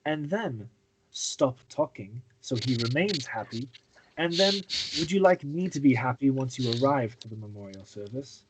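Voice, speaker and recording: A player in a tabletop game speaks in a medium-pitched, animated voice at a moderate pace over a noisy background. In casual chat and in character, he gently coaxes another character as if addressing a child.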